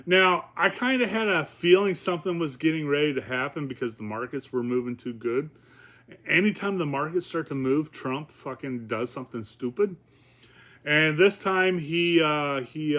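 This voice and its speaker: A man's voice: a little high, animated, measured pace, a bit bright. A man talking casually in a rambling, profane vlog, with many fillers and chuckles. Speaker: vlogger.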